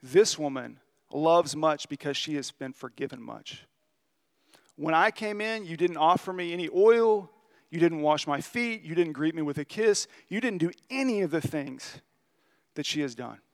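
A calm, gentle male teacher speaks measured words of reassurance, as a preacher voices him in his sermon. His pitch sits slightly high for a man, and his delivery is quiet and unhurried. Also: in a large hall.

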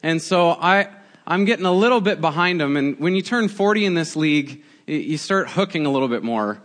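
A man in his forties, a pastor giving a conversational, animated sermon with prayer and storytelling. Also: on the high side, fairly quick. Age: 40s.

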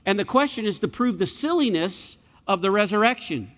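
A man preaching a sermon, animated, acting out quoted voices and climbing high when excited. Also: a little fast. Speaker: pastor. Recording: dull sound with long hall reverb.

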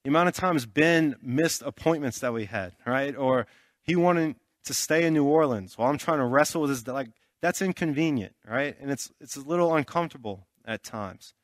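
A man's voice: mid-range voice, moderate pace, no room sound, studio quality. A man giving a sermon through a personal story, talking loosely and conversationally with lots of fillers and check-ins. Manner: checks in with listeners often. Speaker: pastor.

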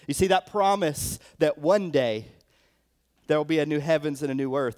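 Young male pastor, slightly high voice, casual sermon testimony, lots of filler words. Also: moderate pace, a little mellow. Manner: conversational storytelling with many fillers.

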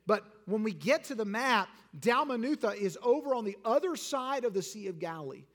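A man pastor preaching a sermon in an animated way, swinging from loud declarations to hushed lines. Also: high-pitched, fairly quick. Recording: long hall reverb.

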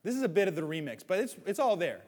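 A man preaching a sermon as pastor, animated, swinging between loud, excited stretches and hushed ones. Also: high voice, fast. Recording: hall reverb.

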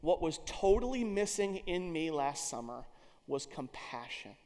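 Brief: a man preaching with a high voice, dramatic and dynamic, long hall reverb. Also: sing-song, measured pace. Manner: dramatic storytelling, swings between loud and hushed. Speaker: pastor. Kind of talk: sermon.

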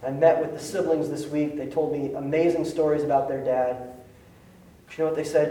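A man's voice: a little high, little pitch movement, a little fast, dark tone. A man preaching a sermon as pastor, talking in a conversational way with slangy asides and building to emphatic peaks. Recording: roomy echo, mic at a distance, faint ambience.

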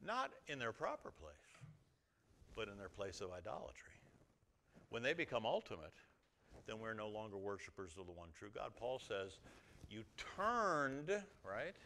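A man preaching a sermon to his congregation as their pastor, swinging from quiet asides to loud exhortation. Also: on the low side, very animated, moderate pace, slight background noise. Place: church sanctuary before a congregation.

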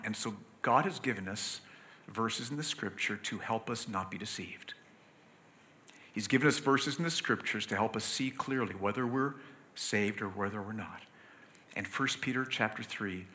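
A man with a bright, ringing voice delivers a sermon. He teaches earnestly, slowing to stress key words and rising into emphatic bursts as he makes his points. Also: medium pitch. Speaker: preacher.

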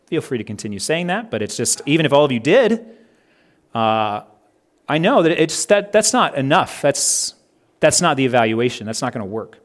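A pastor preaching a sermon in an earnest way, slowing down and stressing each item when he reads out a list. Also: medium pitch, very animated. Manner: earnest, slows down and stresses items in lists.

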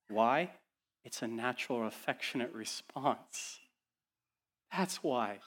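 This sermon comes from a man pastor in a church who sounds urgent and asks many rhetorical questions, his volume dropping low and then rising loud. He speaks in a mid-range voice and takes his time.

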